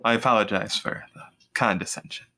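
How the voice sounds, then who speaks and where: A man's voice: fairly low pitch, fairly even intonation, fairly quick, bright, forceful tone. A man playing a tabletop game in character, speaking politely and earnestly with stammering restarts. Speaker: player. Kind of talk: in-character tabletop role-play.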